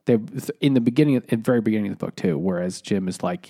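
Co-hosting a podcast, a man chats casually about a book in a warm, lowish voice with vocal fry, speaking fast with hardly any pauses. His talk rambles, full of fillers and restarts, and he laughs easily.

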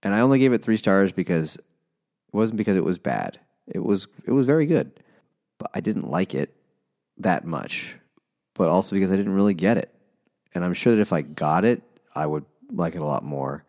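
A man's voice: low voice, very animated, moderate pace, darkish tone. A man co-hosting a casual book podcast over beers, talking loosely and hesitantly, with the odd swear word.

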